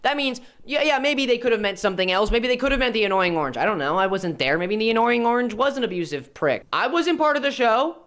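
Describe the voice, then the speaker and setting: A woman's voice: fairly high pitch, lively intonation, fast, hardly any pauses, a bit bright. An American woman narrating a scripted commentary video, with sarcastic, mocking asides. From United States. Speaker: commentary YouTuber.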